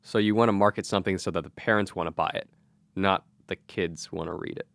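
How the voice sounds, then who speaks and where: A laid-back young co-host on a college radio show who speaks in a somewhat low voice. His delivery is easygoing and unhurried, and the studio sound is dry and close. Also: fairly even intonation, vocal fry, fairly bright tone, no room sound. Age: young adult. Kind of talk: casual chat. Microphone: studio microphone.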